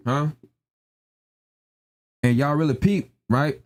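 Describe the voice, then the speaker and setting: Young guy on a live stream going off, slangy and repetitive, mid pitch. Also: moderate pace, a little mellow. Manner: emphatic, repetitive, slangy, keeps asking "you know what I'm saying". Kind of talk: casual live-stream rant.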